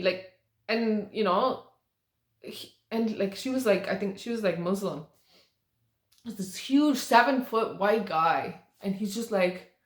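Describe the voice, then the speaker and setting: A young woman from Canada tells stories on her podcast in a casual, animated rush, cursing freely and acting out what people said. Her voice sits at a middle pitch. The room around her is echoey. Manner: animated, swearing, acts out quotes. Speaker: podcast host. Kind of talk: casual storytelling monologue.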